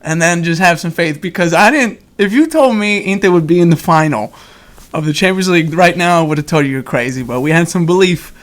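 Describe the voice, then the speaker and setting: A man's voice: a little high, fairly quick, a bit bright. A young man hosting a casual podcast, exuberant and chatty, laughing often. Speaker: podcast host. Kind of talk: excited casual podcast chat.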